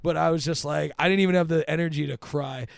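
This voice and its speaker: A man's voice: on the high side, steady tone, quick pace, vocal fry, clear, resonant tone, no room sound, studio quality. A young man, a comedian and podcast guest, telling a long story in a laid-back, profane way. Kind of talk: casual storytelling.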